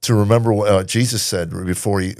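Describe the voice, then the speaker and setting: A man in his late sixties hosting a podcast, reflective and halting. His voice is very deep with a gravelly edge. The recording is dry and close. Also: steady tone, a little mellow, no room sound. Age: 60s. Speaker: podcast host. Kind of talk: casual podcast chat.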